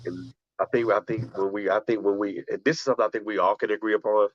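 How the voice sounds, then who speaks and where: On his radio talk show, a host and poet talks earnestly, frequently restarting phrases as he reflects, then performs spoken-word poetry. His lowish voice is steady and quick, captured in a dry recording with the highs cut off.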